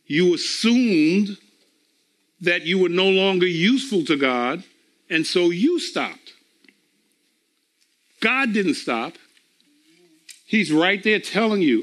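A man preaching a sermon, emphatic and deliberate, repeating phrases for effect. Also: high voice, expressive, fairly bright tone. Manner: slow and deliberate, drawn-out pauses.

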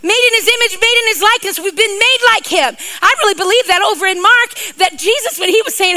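Woman preacher, middle-aged, joking rambling sermon, bright ringing voice. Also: very high voice, fast talker, few pauses, low-quality recording. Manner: playful, joking, rambling asides.

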